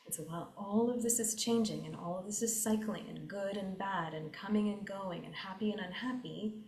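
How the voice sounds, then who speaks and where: A woman giving an earnest, reflective talk on meditation, repeating phrases and slowing down for emphasis. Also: medium pitch, darkish tone, echoey room, poor audio. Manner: earnest, repetitive, slows down for emphasis. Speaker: meditation teacher.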